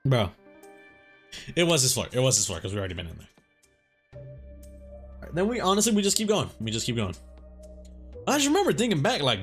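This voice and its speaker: A young man tells a story while he plays a game, his voice rising and dipping all over. He talks in a relaxed, rambling way and swears often. Game music plays quietly behind him. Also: mid-range voice, brisk, pauses often. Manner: laid-back, rambling, swears a lot. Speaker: gaming YouTuber. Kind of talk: casual storytelling over gameplay.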